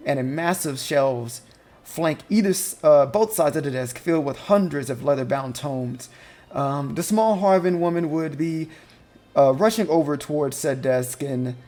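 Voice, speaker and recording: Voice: mid-range voice, a little mellow. Game master narrating with many fillers. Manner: descriptive, with frequent ums and uhs.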